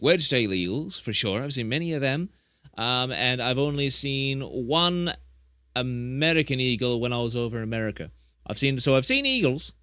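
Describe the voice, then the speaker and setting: This young man has a bright, forceful, mid-range voice, captured in clean studio sound without echo. Chatting casually on a live stream, he rambles, self-corrects, and hams up his animal tall tales.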